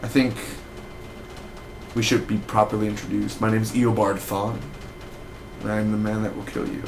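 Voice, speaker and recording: A man voicing a menacing, soft-spoken male villain scientist, low and quiet. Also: little pitch movement, moderate pace, noisy background, natural voice. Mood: quietly menacing.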